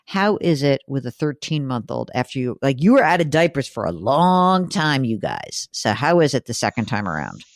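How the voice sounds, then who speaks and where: A woman's voice: rumbling low, sing-song, moderate pace, few pauses, dry recording, studio quality. A woman hosting a money call-in radio show, chatty and teasing with callers. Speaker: host.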